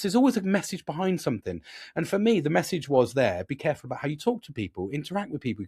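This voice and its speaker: A man's voice: fairly high pitch, dry recording, clean studio sound. A British man in his forties, hosting a podcast as a reflective monologue. He talks earnestly, swears freely and rambles with many restarts. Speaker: podcast host.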